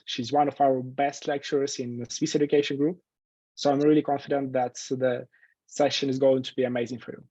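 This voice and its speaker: A man's voice: flat delivery, moderate pace, a little mellow, no room sound. Earnest man introducing a webinar. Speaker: webinar moderator. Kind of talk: introductory remarks at an online webinar. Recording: dull low-fidelity online audio.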